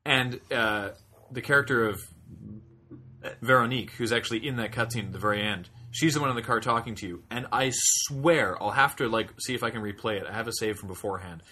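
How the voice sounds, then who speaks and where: A man's voice: mid-range voice, a little fast, sharp tone, a little hiss or hum. A young man co-hosting a podcast, telling stories in casual chat with rambling laughing asides. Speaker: podcast co-host.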